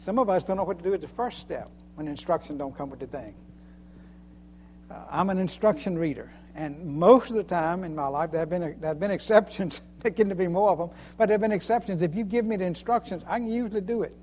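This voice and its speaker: A man's voice: high-pitched, fairly quick, darkish tone, slight background noise. A man preaching a sermon in a folksy way, chuckling often and repeating phrases for emphasis. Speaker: preacher and Sunday school teacher.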